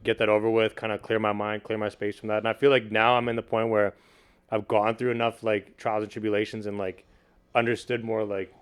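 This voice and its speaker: Male guest, low-pitched, fast and loose delivery, relaxed slang-heavy chat. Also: clear, resonant tone. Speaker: podcast guest, video producer and beatmaker. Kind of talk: casual chat.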